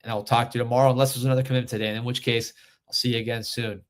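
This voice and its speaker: Excited man hosting a sports livestream. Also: mid-range voice, very fast. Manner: excited, reads chat and rankings aloud, frequent fillers. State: a little out of breath. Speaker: sports recruiting livestream host. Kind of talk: casual livestream commentary.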